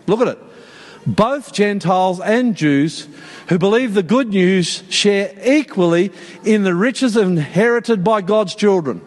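A man preaching a sermon at a worship service, lively and joking as he calls out to the congregation. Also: high voice. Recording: long hall reverb in a church.

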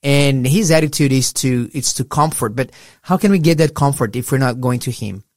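A man's voice: medium pitch, normal speed, no room sound, clean studio sound. A middle-aged man co-hosting a casual Bible discussion, earnest and reflective in a pastoral way. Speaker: podcast co-host.

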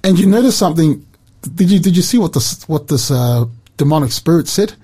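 A man talks through a scripture passage on Christian radio. His voice is fairly high but mellow and husky. He talks in an earnest, animated way and gives quoted lines extra emphasis. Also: a little fast. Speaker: radio Bible teacher. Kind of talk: Bible study chat on Christian radio.

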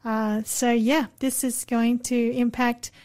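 A woman co-hosting a radio show, reading and summarising news items in a steady, matter-of-fact way. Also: on the high side, takes it slowly. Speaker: radio co-host.

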